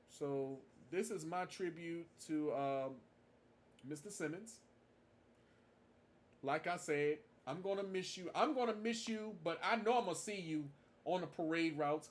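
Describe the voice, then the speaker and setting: Guy talking to camera, kinda high voice, keeps repeating stuff for emphasis. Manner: emphatic, repeats his points for stress. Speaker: marching band fan vlogger. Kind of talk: casual tribute monologue to camera.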